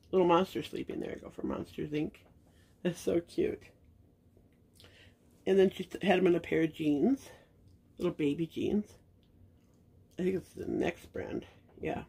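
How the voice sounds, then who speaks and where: A woman's voice: lowish voice, creaky, warm tone, breathy edge. A middle-aged woman chatting casually to viewers as she shows off baby clothes, gushing and sentimental, with frequent fillers. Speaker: reborn doll collector and channel host. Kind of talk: casual unboxing chat to viewers.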